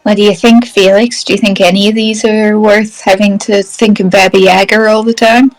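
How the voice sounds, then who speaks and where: A woman's voice: mid-range voice, little pitch movement, normal speed, low-quality recording. A woman playing a tabletop game, speaking in character in an easygoing way. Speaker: player. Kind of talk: in-character casual play.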